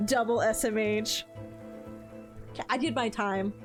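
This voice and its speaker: A woman streamer reading a book from a game aloud to her chat, breaking off for playful asides. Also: fairly high pitch.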